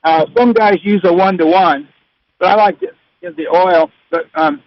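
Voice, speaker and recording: A man calling in to a radio show, speaking in a halting, hesitant way with many fillers. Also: sits high, big pitch swings, creaky, dry recording, muffled recording. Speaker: caller. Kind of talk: phone-in conversation.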